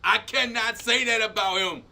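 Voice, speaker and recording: A man hosting his own comedy show, ranting and laughing in a loose, animated way, jumping between loud outbursts and low mutters. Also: normal speed. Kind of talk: stand-up style commentary rant.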